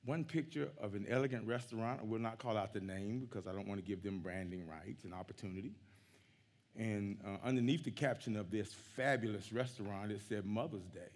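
Hoarse preacher in a reverberant hall. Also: male voice, lowish voice, a little mellow. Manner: casual, joking, reads scripture slowly. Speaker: guest preacher. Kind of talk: sermon. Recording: long reverb in a church hall.

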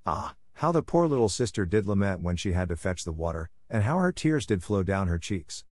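A man narrating a fairy tale in a steady, measured storybook reading. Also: sits low, no room sound, studio quality.

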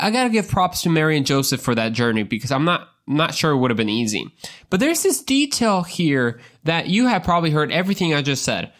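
A man's voice: a little high, a bit bright. A man giving a casual Bible talk, joking and conversational, often repeating words as he goes. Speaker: podcast preacher.

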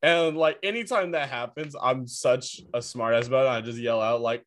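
A young man is telling a story on a casual podcast, and he rambles, leaning on filler words as he goes. His voice sits in an ordinary middle pitch, and he talks in a loose, everyday way. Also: normal speed, a bit bright. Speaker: podcast co-host.

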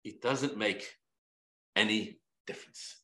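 A man, a rabbi, teaching a Torah class in an animated way, repeating himself and restarting phrases. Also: on the low side, takes it slowly, roomy sound. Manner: animated, repetitive, many restarts.

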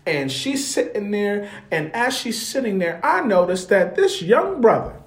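Male co-host for a casual chat show: animated storyteller who slips into voices for the people in his story, recorded in a roomy space. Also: high-pitched, unhurried. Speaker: podcast co-host. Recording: roomy echo.

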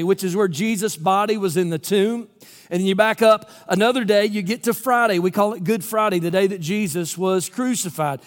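A man with a notably high voice preaches a sermon as a storytelling pastor. He slips into the characters' lines and adds casual asides. His voice rings with long reverb, as in a church sanctuary. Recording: hall reverb.

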